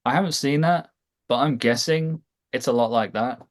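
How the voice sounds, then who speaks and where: Wry podcast guest. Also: male voice, medium pitch, moderate pace. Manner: wry storyteller, dry jokes. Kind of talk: casual chat.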